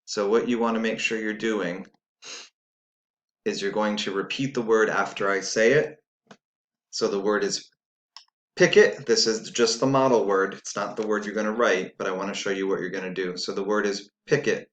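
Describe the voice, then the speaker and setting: A man's voice: fairly low pitch, steady tone, normal speed, fairly bright tone. A man teaching a spelling lesson, dictating sounds and words patiently and spelling letters out one by one. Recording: echoey room.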